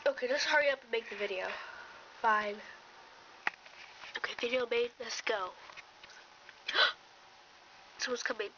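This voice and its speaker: A woman's voice: fairly high pitch, moderate pace, pauses often, far from the mic. A woman acting out a homemade story, voicing several characters in bickering, teasing dialogue. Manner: plays back-and-forth dialogue, bickering and teasing. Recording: dull lo-fi home recording with faint noise.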